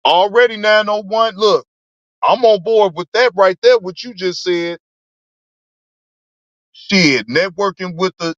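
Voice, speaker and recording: A man with a high voice hosts a livestream, chatting with his viewers in a loose, rambling and profane way. The audio is dry and dull, with a lo-fi quality. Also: fairly bright tone, no room sound. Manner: laid-back, profane, rambling. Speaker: livestream host. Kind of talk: casual livestream talk reading chat. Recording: dull lo-fi sound.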